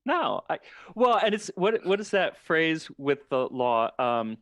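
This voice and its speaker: A man's voice: a little high, very animated, unhurried, a bit bright. A man talking on a podcast in casual chat, explaining his views in a thoughtful way. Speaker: podcast guest.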